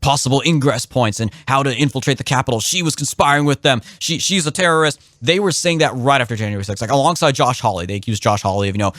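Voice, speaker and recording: A young adult man co-hosting a casual political podcast, opinionated and animated, who acts out the people in his stories. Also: quick pace, few pauses, no echo, studio quality. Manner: animated, opinionated, swings pitch sharply for emphasis. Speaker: podcast co-host.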